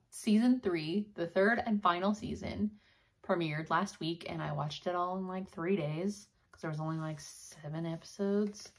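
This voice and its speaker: Casting: woman, 30s, low-pitched, rambling chatty vlog host. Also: normal speed. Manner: chatty, rambling, lots of ums and likes. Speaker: video host. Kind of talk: casual chat.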